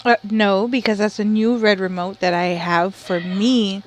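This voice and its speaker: A woman co-hosting a casual home livestream, loud and joking, swearing often and dropping Spanish slang. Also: medium pitch, fairly even intonation, normal speed, slight background noise. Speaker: streamer's co-host.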